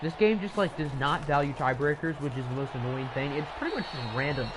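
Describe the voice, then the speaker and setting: A man's voice: fairly high pitch, lively intonation, fast, noisy background. A man casually commentating a video game football league on a live stream, rambling into chatty asides between plays.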